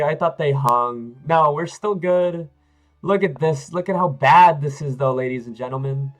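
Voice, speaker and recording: Excitable man streaming chess, music behind. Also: fairly high pitch, moderate pace, low-quality recording. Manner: excitable, talks to himself, swings from hype to frustrated mutters. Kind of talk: live-stream commentary while playing.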